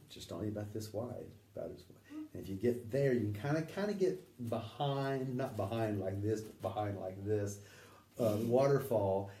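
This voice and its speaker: A man, an interview guest, telling a personal story in a vivid, animated way. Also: mid-range voice, echoey room, distant mic, a little hiss or hum.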